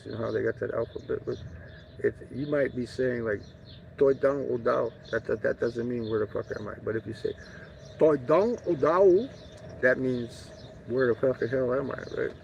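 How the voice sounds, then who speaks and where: The travel vlogger here has a medium-pitched, gravelly, darkish voice as he rambles casually. Swearing freely, joking, and digressing, he's recorded in dull lo-fi audio with faint outdoor noise in the background.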